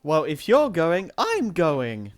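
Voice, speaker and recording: Woman voicing a keyed-up young helper, high urgent calls, very animated pitch. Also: takes it slowly, soft background music, full character voice. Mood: determined. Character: frantic helpful young woman. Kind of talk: live group story reading.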